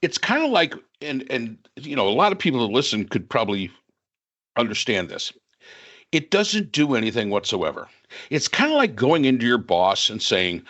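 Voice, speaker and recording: A man's voice: medium pitch, huge pitch swings, moderate pace, fairly bright tone. A man talking on a podcast panel in a casual political discussion, opinionated and sarcastic, rambling with restarts. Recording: dull lo-fi sound.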